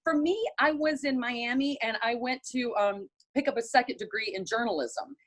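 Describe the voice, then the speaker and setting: A middle-aged Southern-accented woman from North Carolina, a television writer and presenter, tells stories as a guest in a casual interview. She's an animated storyteller who acts out the voices of people she quotes, speaking on the high side at a moderate pace.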